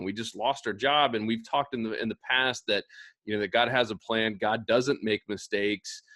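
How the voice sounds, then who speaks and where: Low-voiced man, podcast co-host, thoughtful and searching, asks questions. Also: fairly bright tone. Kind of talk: casual faith talk.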